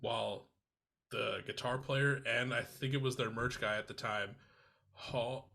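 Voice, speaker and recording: Man from new york, podcast guest, gravelly, bright tense tone, relaxed rambling. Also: mid-range voice, unhurried. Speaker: guest musician. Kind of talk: casual chat.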